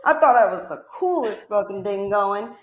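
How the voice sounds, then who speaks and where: A woman's voice: medium pitch, expressive, normal speed, reverberant. A woman guest on a casual livestream chat, telling stories about her family in a chatty way and laughing often.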